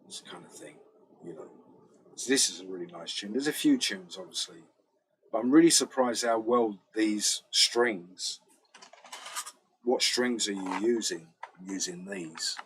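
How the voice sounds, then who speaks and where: Man, British accent, very deep voice, casual rambling storyteller, slips into quoted voices, faint background noise. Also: unhurried, rough recording. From Britain. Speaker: bass player. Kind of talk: casual chat.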